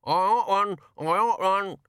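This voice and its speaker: A man's voice: on the high side, fairly even intonation, slow pace, sharp tone, clean tone, no echo, studio quality, pitched above the performer's own voice, heavily acted. A man voicing a cheeky, sarcastic talking raven with a squawky, snide voice well above his own. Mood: gleeful.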